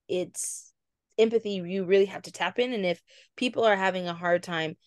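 A woman co-hosting a faith-based podcast, explaining ideas calmly with examples and quoted dialogue. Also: medium pitch, no echo, studio quality. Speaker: podcast co-host. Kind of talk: casual chat.

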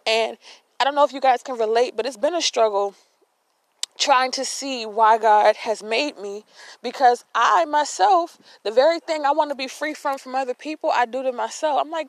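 A woman's voice: sits high, moderate pace, no room sound, low-quality recording. Breathless woman talking into her phone. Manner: earnest, repeats words when searching. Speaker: podcast host. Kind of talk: casual faith talk. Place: outdoors.

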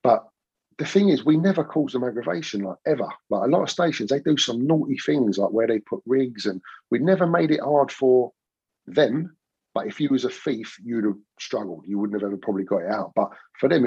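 A man's voice: mid-range voice, expressive, a little fast, a little mellow, husky, no echo. A middle-aged man with a London accent, telling slangy, swearing anecdotes as a podcast guest. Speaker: podcast guest, former pirate radio owner. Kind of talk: casual storytelling chat. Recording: dull, dry lo-fi podcast audio.

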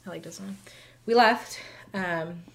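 A woman's voice: medium pitch, normal speed, vocal fry. A woman co-hosting a podcast, chatting casually and enthusiastically recounting a trip. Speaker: podcast co-host. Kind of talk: casual chat.

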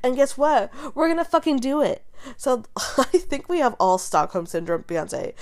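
A young adult woman hosting casual pop-culture commentary, talking in quick, animated, profane rants with a sarcastic edge and frequent laughter. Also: high-pitched. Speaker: host.

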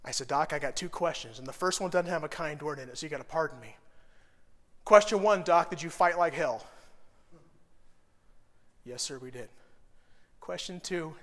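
Young male preacher, animated and heartfelt, loud then hushed, high-pitched, reverberant room. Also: fairly quick. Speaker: pastor. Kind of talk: sermon teaching.

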